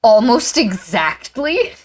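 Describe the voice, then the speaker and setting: A woman's voice: on the high side, very animated, takes it slowly. A woman co-hosting a book podcast, talking casually and animatedly, often laughing and mimicking characters.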